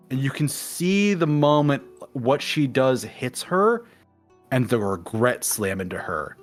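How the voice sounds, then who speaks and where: A man's voice: medium pitch, a little slow, soft background music. A man in a casual conversation, telling a long game story and acting out the characters' lines as he goes. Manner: animated storyteller acting out quotes. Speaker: guest in a game discussion.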